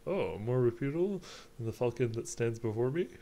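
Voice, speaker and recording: A man's voice: mid-range voice, expressive, a little fast, dark tone, lightly acted. A man reading the part of a polite, mysterious male fox private investigator in a video game. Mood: suave.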